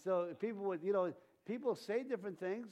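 A pastor with a high, darkish voice preaches an informal sermon in church at a brisk pace. He rambles, breaks off mid-sentence and often chuckles at his own asides.

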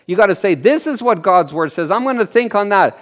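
A man from Canada preaching a sermon in an animated way, laughing and acting out the people he quotes. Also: high voice, a little fast. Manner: animated, laughs often, acts out quoted voices.

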